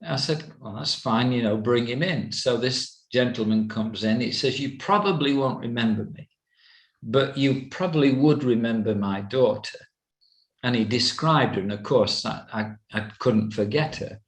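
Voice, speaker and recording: An older man giving a personal testimony as an evangelist, slow and halting, with many fillers. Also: mid-range voice. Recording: roomy echo.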